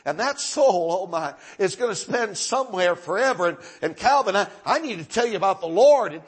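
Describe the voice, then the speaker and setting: A man voicing an earnest, burdened preacher pleading with a boy, his voice climbing higher and louder. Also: expressive, a little fast, husky. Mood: urgent pleading. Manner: pleading, rising urgency.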